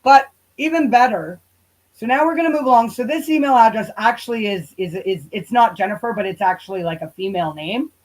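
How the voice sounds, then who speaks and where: A woman's voice: fairly high pitch, fairly quick, rough recording. A woman livestreaming on her channel, ranting in a casual, profane and heated way and now and then drifting away from the mic. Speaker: YouTube livestreamer.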